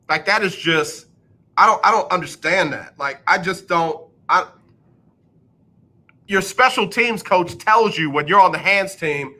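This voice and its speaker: A man talking sports on the radio in a loose, joking way, with a bright and fairly high voice. He leans on sarcasm and likes to say a punchline twice. He recaps a team ranking in casual chat. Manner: sarcastic, repeats lines for comic effect. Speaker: radio show host. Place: radio studio.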